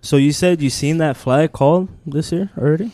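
A man's voice: a little high, moderate pace, warm tone, no echo. A man from California, co-hosting a casual podcast chat, slangy and swearing, with short blunt reactions. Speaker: podcast co-host. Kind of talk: casual chat over beers.

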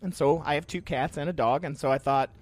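A man's voice: fairly high pitch, brisk, dry recording. Rambling man co-hosting a chat. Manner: rambling, laughing, animated storytelling. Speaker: podcast co-host. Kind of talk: casual chat.

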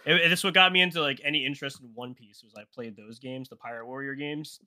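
A man's voice: mid-range voice, steady tone, fast, pushed and bright. A man co-hosting a podcast in casual chat, blunt and rambling with plenty of swearing. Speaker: podcast co-host.

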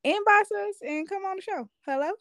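A woman's voice: very high-pitched, fairly quick, bright, forceful tone, no room sound, clean studio sound. A woman hosting a podcast in a casual, laid-back chat, full of slang, laughing often and trailing off mid-sentence. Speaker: podcast host.

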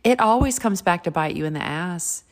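A woman's voice: lowish voice, animated, normal speed. A woman in her fifties telling a candid personal story and giving advice in a frank, chatty way, with casual swearing. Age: 50s.

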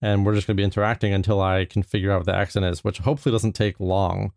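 A male podcast host talks in a relaxed, chatty way and fills his pauses with ums. His voice sits low. The recording is dry and close. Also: gravelly, no room sound. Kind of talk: casual chat.

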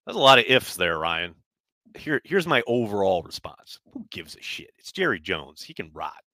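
Deep-voiced, blunt sports podcast host. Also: male voice, very animated, moderate pace, sharp tone, no echo, clean studio sound. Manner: blunt and loose, swears freely. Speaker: podcast host reading viewer chat. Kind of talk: casual live-stream sports talk. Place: New York.

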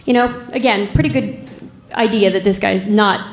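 A woman, a police officer, telling a story in an unhurried, wry way and laughing at the grim parts. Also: medium pitch. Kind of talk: casual spoken storytelling. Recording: roomy echo.

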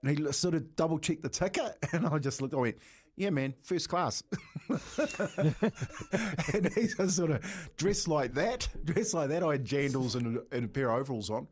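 A man's voice: a little high, animated, normal speed, slightly rough. A man, a radio co-host telling a story in a laid-back way, laughing often. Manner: laid-back, laughing, calls people mate. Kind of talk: casual storytelling.

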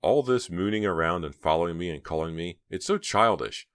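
A man's voice: deep voice, expressive, brisk, a bit bright, dry recording, clean studio sound. A man voicing a defensive teenage girl, talking in tense, clipped lines.

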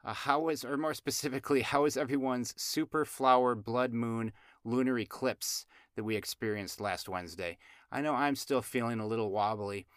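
A man's voice: medium pitch, moderate pace, clear, resonant tone, dry recording, clean studio sound. Man rambling through a chatty astrology talk. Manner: rambling, many fillers and restarts; playful, jokey asides. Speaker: astrology show host. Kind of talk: casual chat.

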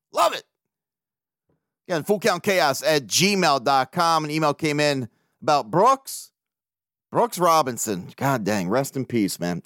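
Male podcast host, slightly high voice, dry close sound, profane and animated. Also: dry recording. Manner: profane, animated, laughs often. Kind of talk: casual solo podcast talk.

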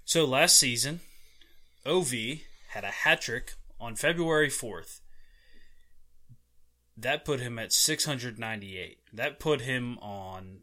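A man's voice: mid-range voice, takes it slowly, pauses often, pushed and bright. A man co-hosting a sports podcast in casual, jokey banter, laughing often. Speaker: podcast co-host.

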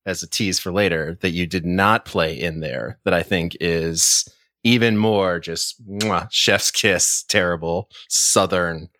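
A man's voice: low voice, unhurried, pushed and bright, no echo. Dry-sounding man with a wry delivery. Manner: wry, dry humor with chuckles. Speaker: podcast co-host. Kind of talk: casual podcast chat.

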